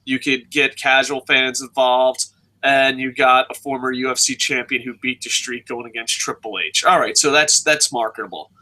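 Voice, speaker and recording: A man co-hosting a casual wrestling preview podcast, ranting excitably and swearing often, laughing through his points. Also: mid-range voice, moderate pace.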